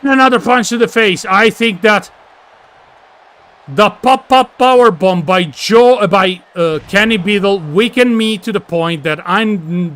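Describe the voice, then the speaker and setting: A man calling a video game wrestling match with excitable, yelling play-by-play and slips in English grammar. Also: high-pitched, unhurried. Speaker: commentator and wrestler persona.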